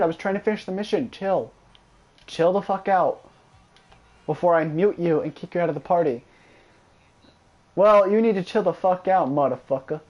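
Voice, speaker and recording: A man streaming a video game, chatting casually and trash-talking a friend with lots of swearing. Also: sits high. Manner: profane, excitable trash-talk. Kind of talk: casual gameplay commentary.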